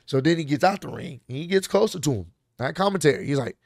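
A man's voice: a little high, fast talker, vocal fry, hardly any pauses, no room sound. Slangy man recapping wrestling, dry sound. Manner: animated, slangy retelling with acted-out quotes. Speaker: wrestling recap channel host.

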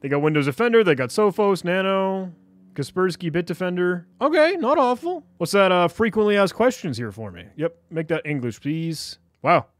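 A cybersecurity YouTuber, a man, casually talking through a screen recording, animated and jokey as he reads chats aloud. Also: on the high side, no room sound, clean studio sound.

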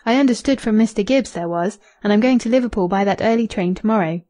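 A woman reading the lines of a brisk young man about town in an audiobook, casual and a little raised. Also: mid-range voice, warm tone, close to an everyday voice.

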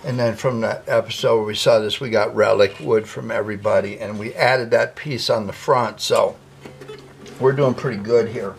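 A man's voice: on the low side, fairly even intonation, moderate pace, vocal fry, a little hiss or hum. A man, hosting a workshop how-to vlog about building guitars, folksy and joking as he talks viewers through his work. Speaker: guitar builder, channel host.

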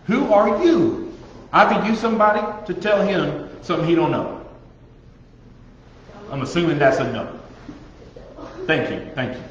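A man preaching to a youth group, joking and animated, mimicking people's prayers. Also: on the high side, slight background noise. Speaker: youth pastor. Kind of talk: sermon. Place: youth group meeting room. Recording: echoey dull room recording.

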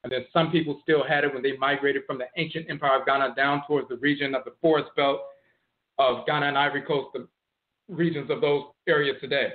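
A man giving a lecture on history and word origins, slowly explaining, repeating and spelling out terms. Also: medium pitch, steady tone. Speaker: teacher of ancestral religion. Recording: tinny phone-like audio.

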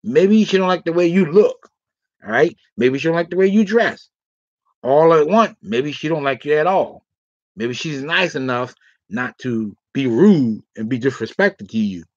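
A man's voice: fairly high pitch, animated, normal speed, no room sound. A man giving casual dating advice on a livestream, rambling and filling his talk with 'all right' and 'okay'. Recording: dry, slightly dull lo-fi sound.

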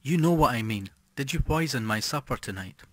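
A man's voice: medium pitch, expressive, a little fast, a bit bright, no room sound. A man reading the part of a nervous, frightened unfaithful husband in an audiobook. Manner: uneasy, frightened.

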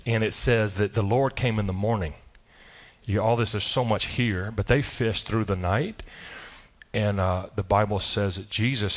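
A man with a fairly low voice delivers a church sermon. He speaks emphatically and conversationally and often breaks off to restart a phrase. He throws rhetorical questions to his listeners. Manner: loose delivery with frequent restarts. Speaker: pastor. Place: church service.

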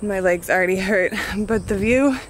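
A woman's voice: medium pitch, moderate pace, slight background noise. A young woman from the United States talking casually and cheerfully to her camera, teasing herself as she goes. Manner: upbeat, chatty, self-teasing. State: out of breath. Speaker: vlogger. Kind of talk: casual vlog talk to camera.

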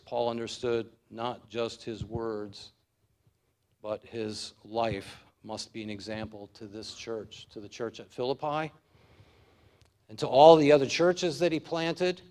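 A man's voice: mid-range voice, a little mellow. A man as pastor, giving an earnest expository sermon that builds to emphatic stretches.

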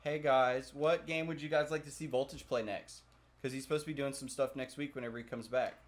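A man's voice: medium pitch, fairly even intonation, a little fast. A young man casually commenting while he plays a video game, swearing often and chatting with viewers. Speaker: gaming video host.

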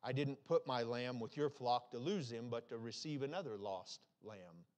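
A man voicing God as a gentle, solemn male figure in a story he tells in a sermon. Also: medium pitch, normal speed, lightly acted. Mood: solemn, tender.

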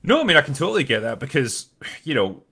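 A man's voice: mid-range voice, big pitch swings, fast talker, vocal fry, pushed and bright, breathy edge. A man hosting a casual interview, reading out listener questions and chatting back with his guest. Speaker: host.

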